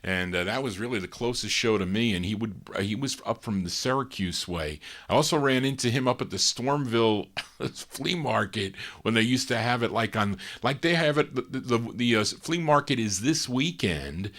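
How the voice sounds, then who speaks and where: A man's voice: medium pitch, lively intonation, moderate pace, fairly bright tone. A man hosting a live oldies record show, chatting casually and rambling into personal stories between songs. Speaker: radio show host.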